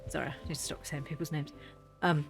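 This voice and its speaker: A woman's voice: deep voice, fairly even intonation, vocal fry. A British woman in her thirties chatting casually and rambling cheerfully while playing a game. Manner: rambling, chatty, quick to laugh. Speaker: gaming vlogger. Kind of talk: casual chat over gameplay. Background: faint game music.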